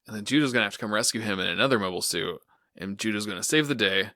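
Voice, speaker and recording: A man's voice: fairly low pitch, rapid-fire, sharp tone, dry recording, clean studio sound. A man co-hosting a casual anime podcast, laid-back and chuckling as he retells the plot. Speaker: podcast co-host. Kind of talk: casual anime recap chat.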